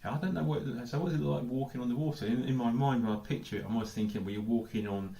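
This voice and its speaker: Very fast, warm and mid-range with vocal fry, this English pastor's voice fills an echoey church hall during his sermon. He's thinking aloud, peppering it with questions and repeated "I don't know"s.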